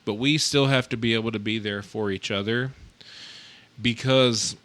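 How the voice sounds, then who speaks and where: A man's voice: fairly low pitch, steady tone, normal speed, a bit bright, dry recording. A man co-hosting a podcast, talking in an easygoing, earnest way with joking asides. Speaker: podcast co-host; nursing home worker. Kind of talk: casual podcast chat.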